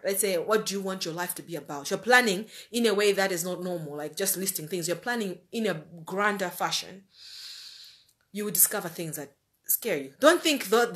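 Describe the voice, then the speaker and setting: A woman's voice: medium pitch, fairly bright tone. A woman giving an earnest, conversational motivational talk rooted in faith, repeating phrases for emphasis. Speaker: life-planning speaker.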